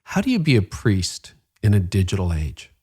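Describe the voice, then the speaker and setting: A man's voice: deep voice, huge pitch swings, normal speed, darkish tone, breathy edge. A man hosting an interview podcast, earnest and affirming as he asks questions. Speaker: podcast host.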